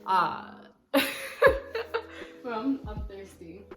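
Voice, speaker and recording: A woman's voice: fairly low pitch, normal speed, a bit bright, soft background music. A young woman vlogger telling a personal story in a casual, candid way, with a petty, sassy streak.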